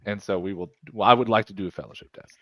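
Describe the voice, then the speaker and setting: A man's voice: on the low side, quick pace, a bit bright, no echo. A man playing a tabletop game, speaking casually and often stumbling and restarting his words. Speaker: player.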